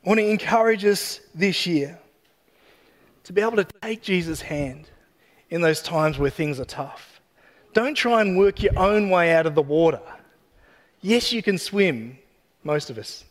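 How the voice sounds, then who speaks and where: A man's voice: high voice, lively intonation, measured pace, pauses often. A man giving a casual, joking sermon that retells a story and ends in prayer. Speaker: preacher. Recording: long hall reverb.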